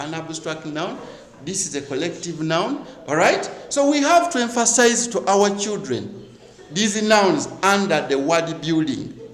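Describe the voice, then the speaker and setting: A man's voice: sits high, reverberant, low-quality recording. A male teacher giving an exam review lesson, asking rhetorical questions and repeating key words for emphasis.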